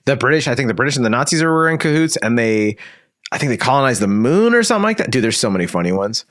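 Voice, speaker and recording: A man's voice: sing-song, fast, fairly bright tone, no room sound, studio quality. A man co-hosting a comedy podcast in casual chat, rambling with many fillers and popping into mocking voices. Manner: rambling, lots of "like", jumps into high mocking voices for quoted people.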